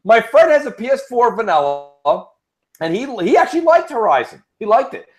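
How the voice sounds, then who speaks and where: A man hosting a casual gaming podcast, an animated storyteller who swears freely. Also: very high voice, brisk. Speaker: podcast host.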